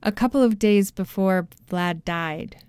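Gravelly bearded cook, read by a woman, mumbling testimony, slow, mellow, smooth. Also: mid-range voice, dry recording, natural voice. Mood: uneasy. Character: gruff bearded male head chef witness.

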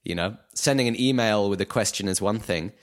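Low-voiced man airing gripes. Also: fairly quick. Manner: rambling, hedging with "you know". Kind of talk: casual podcast chat.

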